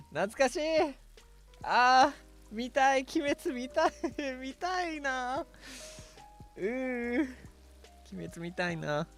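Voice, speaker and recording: A man's voice: very high voice, lively intonation, slow, pauses often, fairly bright tone, soft background music. A man chatting casually on a livestream, playful and rambling, full of teasing asides. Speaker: streamer.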